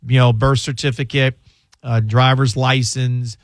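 Rambling radio host, dry studio. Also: male voice, mid-range voice, flat delivery, measured pace, no room sound. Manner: rambling, repeats words, many fillers. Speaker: radio show host giving advice. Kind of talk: casual call-in advice. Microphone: studio mic.

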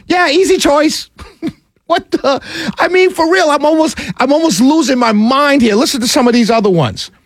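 A man's voice: very high-pitched, moderate pace, no echo. A man giving ranting commentary to his audience, exasperated and incredulous, often stammering and laughing in disbelief. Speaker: political commentator.

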